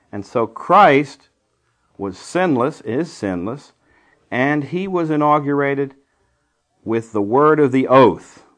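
A man preaching a sermon, explaining Greek words of a Bible text with emphatic stresses. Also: medium pitch.

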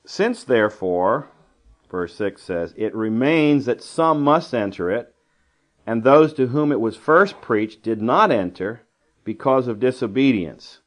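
A man's voice: medium pitch, expressive, measured pace. A man teaching a verse-by-verse Bible lesson in a conversational style, with dry asides and digressions. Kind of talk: Bible study lecture.

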